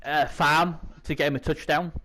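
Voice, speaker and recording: A man's voice: fairly high pitch, fairly even intonation, normal speed, sharp tone. A man hosting a casual gaming preview chat, his voice strained by a sore throat, rambling with lots of fillers. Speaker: host.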